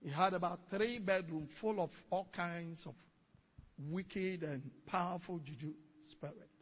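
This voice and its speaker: A male pastor telling a testimony in an animated sermon, recorded dull and distant-sounding in a hall with long echo. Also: high-pitched, a little slow. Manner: storytelling, animated, exclaiming.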